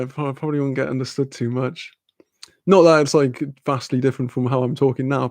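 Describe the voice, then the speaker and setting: A man's voice: mid-range voice, gravelly, a little mellow, no room sound. A young British man in casual chat with viewers, rambling, laughing often and swearing offhand. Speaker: streamer chatting with viewers.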